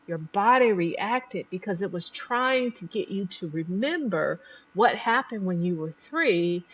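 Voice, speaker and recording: A woman psychotherapist hosting a podcast, explaining trauma in an animated way and briefly acting out the people in her examples. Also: medium pitch, breathy edge, dull audio. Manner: animated, acts out voices in examples. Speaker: psychotherapist host.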